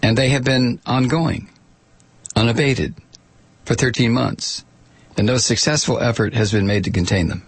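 A man's voice: medium pitch, normal speed, pauses often, husky. A man giving an informal spoken commentary, wry and sardonic, with offhand asides.

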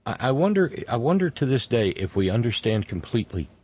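Indignant man with slow emphatic stresses. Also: medium pitch, big pitch swings, darkish tone, breathy edge. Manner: indignant, stretches key words slowly for emphasis. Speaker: host. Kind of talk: political commentary monologue.

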